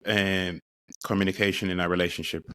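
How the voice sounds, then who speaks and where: A man's voice: sits low, fairly even intonation, brisk, pushed and bright, clean tone. A male interview host giving short agreeing responses and asking questions. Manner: brief agreeing backchannels, laughs along. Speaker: podcast host. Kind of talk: conversational interview.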